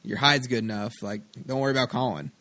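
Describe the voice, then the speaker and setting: A man's voice: mid-range voice, fairly even intonation, quick pace, bright, forceful tone. A man hosting a podcast, chatting casually and laughing along with his guest. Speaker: podcast host.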